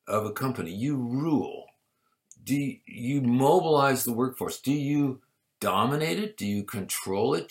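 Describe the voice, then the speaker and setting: A man preaching a sermon in a measured way, rising to emphatic peaks and dropping to soft asides. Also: mid-range voice, creaky. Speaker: pastor.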